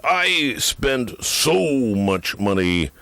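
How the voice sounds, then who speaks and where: A man voicing a grandiose male pitchman in a mock soda ad, addressing the listener in a slow, drawn-out, preacher-like way. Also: sing-song, sharp tone, dry recording, exaggerated voice. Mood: pompous.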